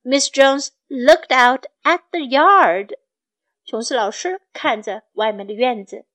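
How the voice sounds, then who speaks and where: A woman reading a children's storybook aloud and tutoring, speaking clearly and repeating phrases for learners. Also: sits high, slow, fairly bright tone.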